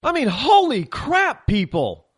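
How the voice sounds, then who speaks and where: A man's voice: very high voice, wildly swooping pitch, slow pace, fairly bright tone, slightly rough, dry recording, clean studio sound. A man hosting a political talk show, ranting heatedly in a monologue and often stammering and restarting.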